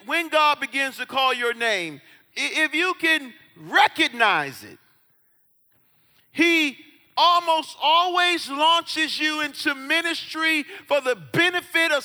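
A man preaching a sermon in a big hall, his high, very bright voice trailing off into long reverb. He takes his time, dropping low and quiet, then rising into shouts as he acts out voices from scripture. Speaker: pastor.

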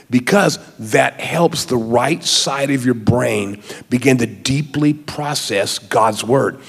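A man preaching a sermon as pastor of his church, moving from quiet teaching to fervent, rising exhortation. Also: mid-range voice, gravelly, breathy edge, big-room sound.

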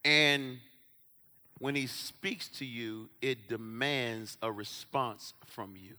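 A man preaching a sermon as pastor, swinging between quiet, low asides and loud shouts, and acting out the voices of Bible characters. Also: slow. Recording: hall reverb.

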